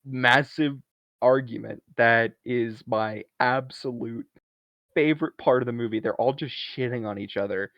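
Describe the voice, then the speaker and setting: Animated man recapping a movie. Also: medium pitch, measured pace, dry recording. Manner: animated storytelling, acts out characters' lines. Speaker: podcast co-host. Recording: dull lo-fi, dry.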